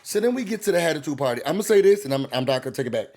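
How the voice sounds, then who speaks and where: A man hosting a reality TV recap, talking in a sassy, animated way as he riffs on the cast. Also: a little high, very fast. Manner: sassy, animated, quotes cast members in voices. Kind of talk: casual commentary.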